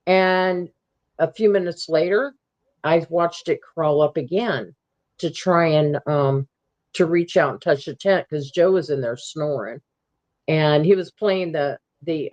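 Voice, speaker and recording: A woman guest recounting a personal camping encounter in a halting way, with many ums and restarts. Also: lowish voice.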